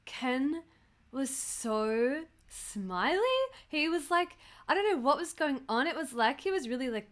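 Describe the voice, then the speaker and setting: A young woman telling a story in a casual vlog, rambling and peppering her talk with "like". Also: mid-range voice. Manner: rambling, many "like"s, animated. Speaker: reaction vlogger.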